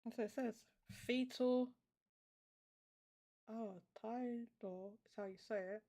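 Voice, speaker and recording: Gravelly woman thinking aloud on stream. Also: mid-range voice, mellow. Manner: thinking aloud with halting restarts. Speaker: show host. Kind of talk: casual livestream chat.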